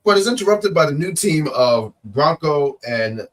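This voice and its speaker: A man's voice: a little high, very animated, normal speed, recorded from a distance. Rambling male co-host, a little off-mic. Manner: rambling, joking, reads chat comments aloud. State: working with a cough. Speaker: co-host of a wrestling review show. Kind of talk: casual live-stream chat.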